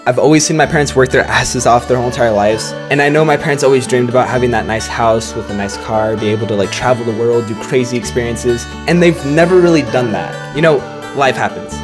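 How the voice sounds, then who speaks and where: A man's voice: medium pitch, a little fast, few pauses. A young man giving a rambling, earnest voice-over as he reflects on his past. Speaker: vlogger. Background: guitar music.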